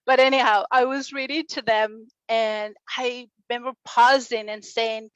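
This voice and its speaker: A woman in her forties giving a motivational talk at a summit, telling her story with warmth, laughter and acted-out quotes. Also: a little high, steady tone, moderate pace, few pauses, clear, resonant tone, dry recording, lo-fi sound. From Chile. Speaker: speaker at a summit, radio and podcast host. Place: stage at a summit.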